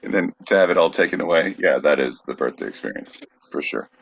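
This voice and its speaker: A man's voice: sits low, fairly quick, vocal fry, slightly rough, no room sound, lo-fi sound. A man co-hosting a live comedy podcast, playing the dry straight man in a bit. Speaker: podcast co-host.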